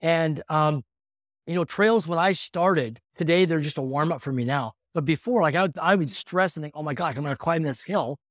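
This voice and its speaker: Man in his fifties, podcast guest, quick and lively storytelling, slightly high voice, dry sound. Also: no echo. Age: 50s. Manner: energetic, animated storytelling. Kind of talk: storytelling in conversation.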